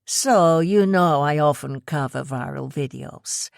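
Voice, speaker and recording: A woman voicing a self-assured female podcast host who speaks in a measured, composed way in an audiobook. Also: sits low, gravelly, no echo, studio quality, heavily acted. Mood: cool composed.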